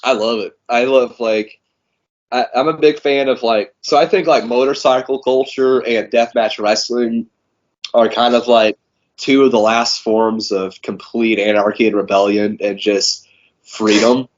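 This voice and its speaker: A man's voice: medium pitch, fairly even intonation, measured pace. A man being interviewed as a wrestling guest, telling stories in a laid-back, rambling way with lots of fillers. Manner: laid-back storytelling, many fillers, laughs often. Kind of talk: casual interview chat. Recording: dull lo-fi sound.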